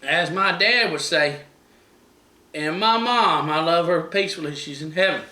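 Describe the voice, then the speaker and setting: A man's voice: fairly high pitch, measured pace, pushed and bright, a little hiss or hum, poor audio. A middle-aged man hosting a casual home cooking demo, chatty and folksy, talking to viewers as guys. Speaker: cooking show host. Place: home kitchen.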